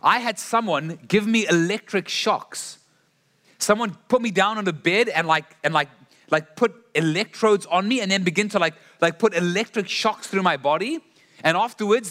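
A man's voice: fairly high pitch, fairly bright tone. A man preaching a sermon in an earnest storytelling way, often restarting his phrases.

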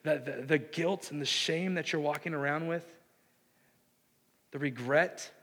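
Male pastor, earnest sermon, hushed to fervent, slightly high voice, long hall reverb. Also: unhurried. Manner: earnest preaching that swells from hushed to impassioned. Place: church sanctuary.

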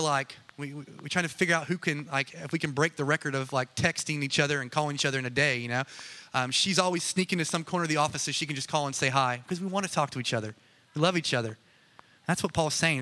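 A man's voice: fairly high pitch, bright, forceful tone. A man preaching a casual, conversational sermon, chatty and joking with many asides. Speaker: pastor.

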